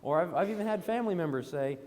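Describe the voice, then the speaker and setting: A man's voice: high voice, animated, quick pace, darkish tone. A man preaching a sermon in a church auditorium, emphatic and pressing indignant questions. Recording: long hall reverb.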